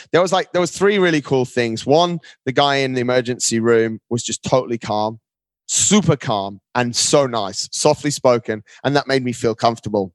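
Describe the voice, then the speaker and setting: A male podcast guest tells his story with animated energy in a casual conversation, saying "mate" in nearly every sentence. His mid-range voice is recorded dry and close, with no room sound or echo.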